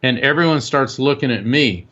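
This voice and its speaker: A man is being interviewed as a guest and spins an animated story, full of fillers and restarts. His voice sits at an ordinary middle pitch. The audio is dull and lo-fi, like a radio recording. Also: normal speed. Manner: animated anecdote telling with many fillers. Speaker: guest author.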